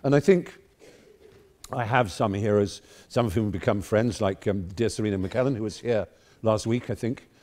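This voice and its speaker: A guest speaker from England, a man in his fifties with an English accent, gives an erudite, wry and digressive speech to a debating society audience. His voice is lowish and a little mellow, at a moderate pace.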